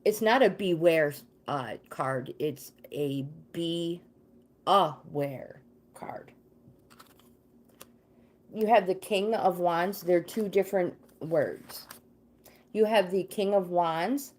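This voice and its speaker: A woman with a lowish, slightly mellow voice speaks slowly as she hosts a casual livestream. She greets viewers by name and reads tarot cards, chatting away and getting sidetracked easily.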